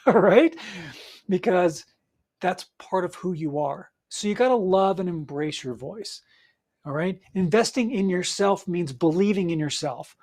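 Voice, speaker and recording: Encouraging male podcast host, coaching tone. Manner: encouraging, repeats points with frequent "right?" and "all right?"; acts out nervous clients in a higher, louder voice. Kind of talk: motivational solo podcast talk.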